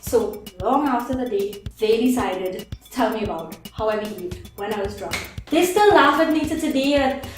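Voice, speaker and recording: A woman's voice: a little high, expressive, moderate pace, far from the mic. A young Trinidadian woman telling a funny story to camera, acting out the voices of friends and herself. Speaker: vlogger. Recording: very echoey room with faint music.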